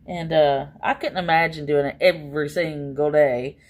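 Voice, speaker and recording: A woman's voice: deep voice, steady tone, normal speed. A woman chatting casually on a livestream, rambling and exasperated, with many fillers.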